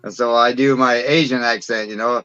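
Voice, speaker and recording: A man's voice: mid-range voice, fairly even intonation, moderate pace, fairly bright tone, clean tone, no room sound. Joking man over dull, dry call audio. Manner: joking, teasing banter. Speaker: guest.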